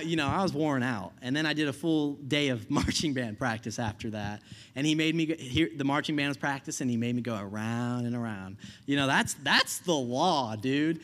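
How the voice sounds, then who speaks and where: A man's voice: medium pitch, a bit bright. A young man preaching a sermon in a casual, conversational way, often checking in with "right?" and laughing at his own stories.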